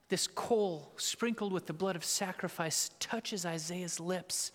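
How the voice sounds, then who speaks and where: High, bright-voiced preacher man. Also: measured pace, few pauses. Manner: dramatic, swinging from hushed whispers to shouts. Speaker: pastor. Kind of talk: sermon. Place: church sanctuary. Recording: long church reverb.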